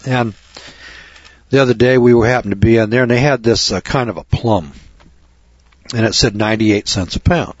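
Husky man ranting on air. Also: mid-range voice, moderate pace, long pauses, no room sound. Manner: indignant, repetitive, conversational. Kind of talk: rambling storytelling monologue. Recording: dull lo-fi recording.

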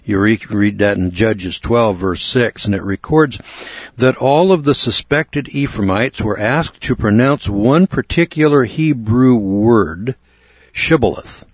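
A man from the United States teaching a Bible lesson in a measured, deliberate way, now and then clearing his throat. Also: fairly low pitch, no room sound. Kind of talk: explanatory Bible lecture. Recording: dull, dry recording.

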